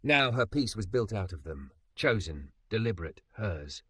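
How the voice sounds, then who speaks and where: A man reading a romance story aloud in soft, lingering scripted narration. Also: lowish voice, big pitch swings, normal speed, slightly rough, dry recording.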